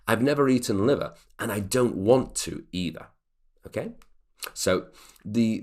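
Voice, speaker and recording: A man teaching an English grammar lesson, explaining clearly and reading example sentences aloud. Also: fairly low pitch.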